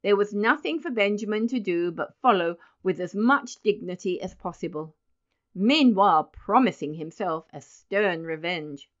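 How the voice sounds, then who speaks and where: Casting: woman audiobook narrator, measured storybook reading, mid-pitched voice, slightly muffled recording. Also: expressive.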